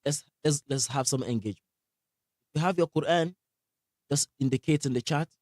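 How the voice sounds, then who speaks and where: A man teaching Quran recitation in a live online lesson, energetic, asking the class questions and repeating sounds to demonstrate them. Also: mid-range voice, a little fast, dry recording, clean studio sound.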